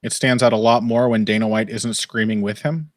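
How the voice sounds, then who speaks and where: A man's voice: fairly low pitch, steady tone, brisk, no room sound. A man hosting a casual live fight commentary stream, rambling and wry, swearing freely and laughing often. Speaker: podcast host. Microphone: headphones and desk mic.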